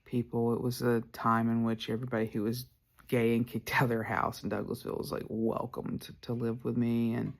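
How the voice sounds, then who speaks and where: Guy telling his story on a podcast, kinda gravelly, rambles with lots of likes. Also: medium pitch, monotone, a little fast. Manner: candid, rambling, lots of "like" fillers. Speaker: podcast host. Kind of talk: personal storytelling.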